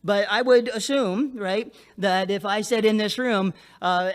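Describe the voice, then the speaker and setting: A man preaching a sermon in a church, animated, acting out the people he describes in a higher voice. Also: unhurried, few pauses, clear, resonant tone. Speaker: pastor.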